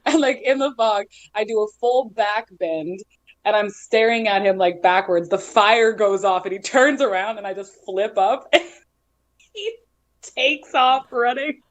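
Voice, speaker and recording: A woman guest tells stories in a lively way, laughing as she goes. Her voice sits at a middle pitch and sounds close and dry, with no room around it. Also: measured pace, dry recording. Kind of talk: casual storytelling.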